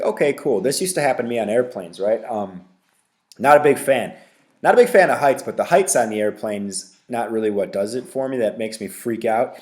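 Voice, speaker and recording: A man's voice: mid-range voice, a little mellow. A man hosts a solo podcast in a mid-range voice, ranting casually and bluntly. He swears often and scatters fillers and tag questions through his talk. It sounds like off-the-cuff chat rather than a script. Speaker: podcast host.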